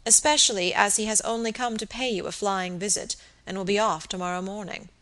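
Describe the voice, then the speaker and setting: A woman reading the part of a grave, preoccupied young gentleman barrister in an audiobook. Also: medium pitch, fairly even intonation, natural voice. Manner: grave, measured.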